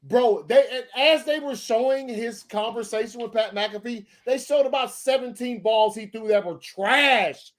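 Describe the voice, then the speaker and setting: A man's voice: very high voice, measured pace, few pauses. A man co-hosting a sports podcast, ranting in a heated, profane way with many stammered restarts. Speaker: podcast co-host. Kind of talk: casual sports podcast rant.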